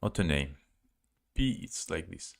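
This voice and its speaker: A man with a Russian accent teaching a live language lesson, halting and searching for words as he spells out letters. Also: low voice, big pitch swings, vocal fry.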